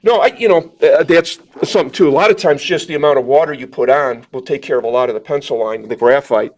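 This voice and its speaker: Speaking quickly at a medium pitch, this man is a watercolor teacher demonstrating live at a club gathering's meeting room while fielding questions from the audience. His talk is chatty and wandering, full of fillers and self-deprecating remarks.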